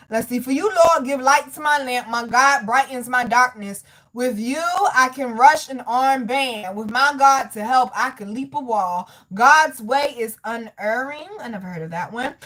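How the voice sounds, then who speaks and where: Addressing her viewers head-on, this tarot reader mixes a casual spiritual reading with scripture delivered in a preachy, emphatic style. Her talk is blunt and full of profanity, lurching from loud outbursts to quiet asides.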